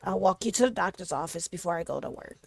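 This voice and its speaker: A woman's voice: lowish voice, expressive, quick pace, creaky, no room sound. A woman reading as a worried young husband. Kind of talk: reading game dialogue aloud.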